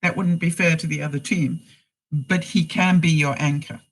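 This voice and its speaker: A man's voice: a little high, fairly even intonation, normal speed, poor audio. A man in a casual live stream, telling a story and speaking to viewers by name in a folksy way with frequent fillers. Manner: folksy, addresses commenters by name, frequent "you know". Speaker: vlogger answering live chat.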